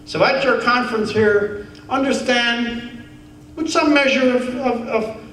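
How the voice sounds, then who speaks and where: High-voiced man in echoey hall. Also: a little slow. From Newfoundland, Canada. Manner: animated, wry, building to earnest rhetoric. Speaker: keynote speaker. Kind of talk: humorous storytelling speech. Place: large conference hall. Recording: echoey hall, heard from far off.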